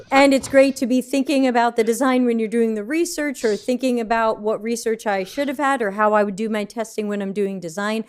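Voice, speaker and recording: A woman's voice: on the high side, fairly even intonation, brisk, hardly any pauses, darkish tone, a little hiss or hum. A woman from New York co-hosting a casual panel chat, talking bluntly and with fire, swearing freely. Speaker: UX consultant, co-host.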